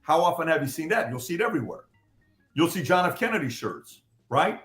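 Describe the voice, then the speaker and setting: A man's voice: fairly high pitch, sing-song, brisk, a bit bright, faint music behind. A man with a Middle Eastern accent giving his political opinions, stressing his points with repetition and rhetorical questions. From Middle East.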